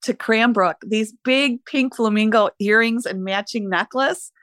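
A woman's voice: a little high, unhurried, dry recording. Older lady, retired teacher, gets choked up and laughs a lot, very dry sound. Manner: warm, emotional, laughs easily. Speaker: retired teacher, podcast guest. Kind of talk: reflective interview conversation.

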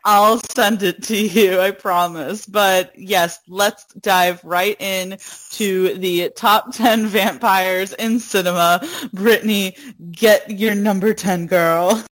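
A woman's voice: mid-range voice, fairly even intonation, slow pace, a bit bright. A woman hosting a casual podcast chat in an easygoing way. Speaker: podcast host.

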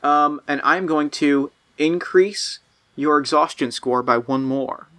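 Bright-voiced male game master. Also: a little high, slow pace. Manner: casual, filler-heavy, playful. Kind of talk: narrating a tabletop game.

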